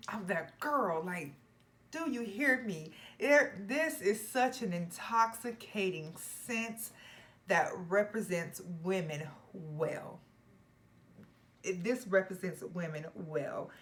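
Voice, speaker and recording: A young woman talks straight to camera about fragrances in an emphatic, playful way. Her voice sits a little low for a woman, and she now and then drops into hushed, whispered asides. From Georgia, US. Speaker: fragrance reviewer. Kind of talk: casual chat to camera.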